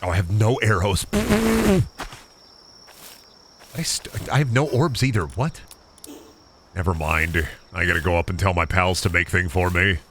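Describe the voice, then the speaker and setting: A man streaming a game, talking casually and jokingly, rambling and muttering to himself, sometimes breaking into silly high sing-song bits. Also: normal speed, fairly bright tone, a little hiss or hum. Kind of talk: casual gameplay commentary.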